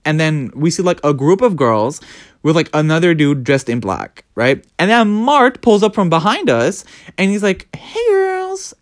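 Young adult, podcast host, casual storytelling, animated, swearing, laughing, very lively pitch, middling pitch. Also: normal speed, no echo, clean studio sound.

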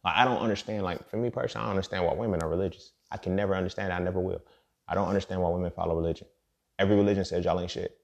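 A man with a low, gravelly voice holds forth on his own podcast. He talks bluntly and profanely, circling back and stumbling over repeated words as he rambles. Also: steady tone, racing. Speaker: podcast host. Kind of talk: casual monologue.

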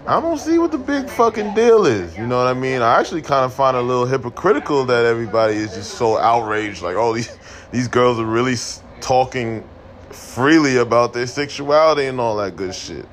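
A man's voice: mid-range voice, fairly quick, fairly bright tone. A young man hosting a podcast, ranting casually with lots of slang and swearing, laughing often. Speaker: podcast host. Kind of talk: casual opinion rant.

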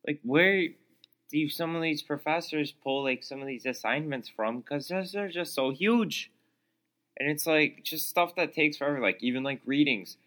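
A man's voice: a little high, moderate pace, fairly bright tone. A young man hosting his own podcast, ranting sarcastically about college life with lots of "like" and "uh", sounding exasperated. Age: young adult. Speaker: solo podcast host. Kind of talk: casual ranting monologue. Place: small room, calls it his studio.

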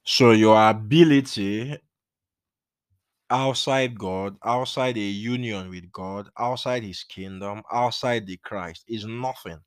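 A man's voice: fairly low pitch, slow pace, smooth, no room sound, studio quality. A man preaching a Bible teaching sermon, earnest and emphatic, repeating his key points.

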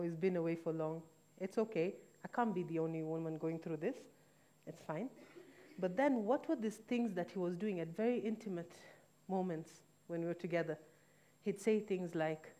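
A woman's voice: lowish voice, moderate pace, dark tone. A woman telling a painful personal story in a candid, reflective way, now and then correcting herself. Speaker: guest telling her own story.

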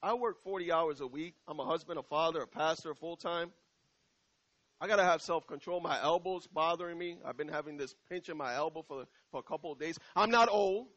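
A middle-aged man preaching a sermon as pastor in a church, talking conversationally and slowing down to repeat key lines. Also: on the high side, a bit bright, lo-fi sound.

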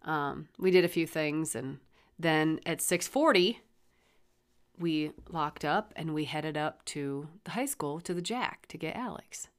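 A middle-aged woman who is a mother and a podcast host casually retells a story about her kid, blunt and rambling, swearing freely. Her voice sits low and sounds clean, and she speaks unhurriedly.

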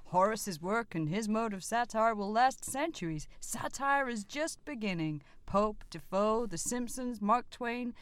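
A man voicing a benign female deity in a put-on accent, speaking slowly and solemnly in a comedy sketch. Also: high voice, lively intonation, fairly bright tone, clean tone.

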